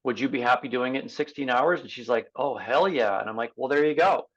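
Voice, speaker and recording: On a podcast, a triathlon coach talks casually, explaining things through practical examples and quoted exchanges with his athletes. His voice is medium-pitched and a little fast, and the sound is lo-fi.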